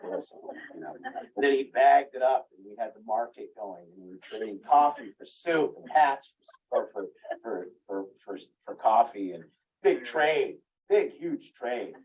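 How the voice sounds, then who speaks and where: A man with a mid-range, lively voice speaks a little slowly, telling a rambling, candid story to a group and laughing at himself now and then. The recording sounds muffled and distant, as if from across the room.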